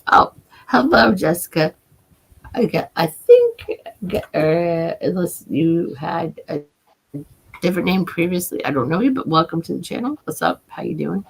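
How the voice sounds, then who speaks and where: Laughing, gravelly-voiced woman streamer. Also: on the low side, very animated, measured pace, low-quality recording. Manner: rambling, profane, laughs a lot. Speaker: livestream host. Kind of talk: casual livestream chat. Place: at home, seated.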